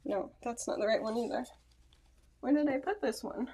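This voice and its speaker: A woman's voice: a little high, normal speed, mellow, husky. A woman talks casually into her phone camera at home. She rambles, stops to correct herself, and laughs a little as she goes. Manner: chatty, rambling, self-correcting with small laughs. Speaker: vlogger. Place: at home, indoors.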